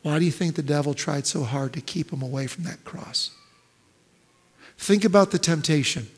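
A male pastor preaching a sermon, swinging between loud, emphatic build-ups and hushed, almost whispered lines. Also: a little high, moderate pace, slightly rough. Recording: long reverb of a large hall.

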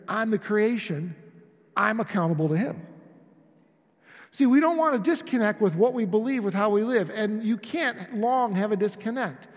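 Guy pastor preaching to his church, chatty style, pretty high voice, long hall echo. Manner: conversational preaching with acted-out dialogues. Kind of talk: sermon. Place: church sanctuary.

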